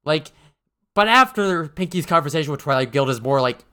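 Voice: mid-range voice, animated, brisk, bright, forceful tone, smooth. A man co-hosting a podcast, chatting casually and wryly, with many fillers and restarts. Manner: rambling, lots of fillers and restarts, wry. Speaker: podcast co-host. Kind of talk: casual chat.

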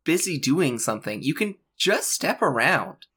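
A podcast co-host chatting casually, sarcastic and quick with jokes, swearing freely. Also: mid-range voice, big pitch swings, a bit bright, slightly rough. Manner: sarcastic, swears, jokey asides. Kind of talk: casual chat.

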